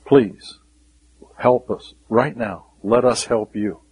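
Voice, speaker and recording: A man preaching a sermon, earnest, repeating key words and dropping to a hushed voice when quoting scripture. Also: mid-range voice, takes it slowly, husky, rough recording.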